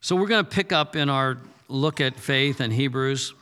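A man's voice: mid-range voice, normal speed, pushed and bright, clean tone. A male pastor preaching a sermon in a loose, conversational way, often repeating words as he goes. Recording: reverberant hall.

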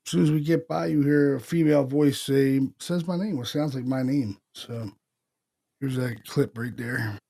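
Podcast host, male, gravelly, easygoing and loose with swearing. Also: mid-range voice, warm tone. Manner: laid-back, swears, laughs often. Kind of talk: casual chat.

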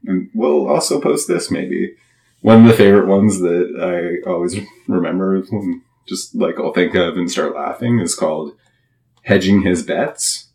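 A man's voice: sits low, animated, unhurried, vocal fry, darkish tone, roomy sound. A man co-hosting a podcast, teasing and joking in casual chat. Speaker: podcast co-host.

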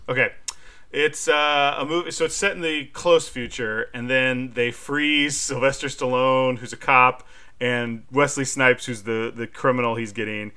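A man's voice: mid-range voice, fairly even intonation, unhurried, pushed and bright, clean tone. A man co-hosting a podcast, chatting casually and animatedly, with lots of filler likes and laughter. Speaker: podcast co-host. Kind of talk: casual chat.

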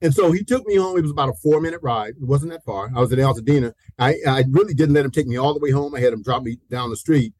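A man around sixty recounts his own life as a guest, animated and chatty, peppering his talk with "you know" and breaking into little laughs. His voice is medium in pitch and sounds close and dry, with no room echo. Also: fast talker, few pauses. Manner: animated, acts out quoted voices, laughs often mid-story. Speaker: pastor and guest. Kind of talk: storytelling in a conversational interview.

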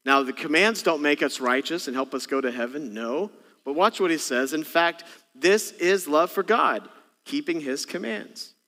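Bright high-voiced male pastor preaching. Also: moderate pace. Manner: animated preaching, acts out parent and child exchanges. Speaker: senior pastor. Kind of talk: Christmas Eve sermon. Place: church sanctuary. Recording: long church hall reverb.

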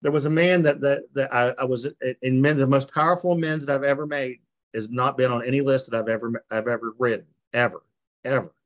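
Via video call, a middle-aged man gives a personal testimony at a recovery meeting, describing his recovery earnestly and emotionally while repeating himself. He speaks fairly quickly in a mid-range voice with fairly even intonation, and the sound is lo-fi.

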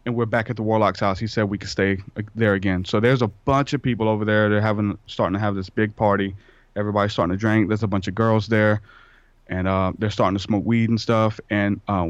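This man, appearing as a guest on a podcast, spins a wandering, casual story from his own life and performs the dialogue in it. He talks fast, with a fairly low pitch and fairly even intonation. The recording is dull and lo-fi, without room sound.

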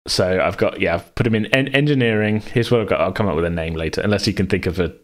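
Brief: low-pitched male game master, halting and chuckly, on a voice call. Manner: hesitant, with frequent laughs and restarts. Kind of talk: planning a tabletop role-playing campaign. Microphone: online voice call.

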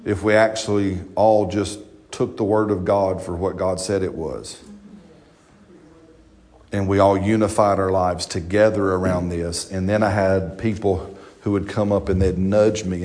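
Folksy pastor preaching. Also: male voice, low-pitched, normal speed. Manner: folksy, animated preaching with rhetorical questions. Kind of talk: sermon. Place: church.

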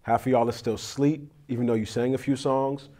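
A man's voice: medium pitch, fairly even intonation, brisk, warm tone. A man, a pastor praying and then preaching in a conversational, confessional, storytelling way. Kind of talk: sermon with prayer.

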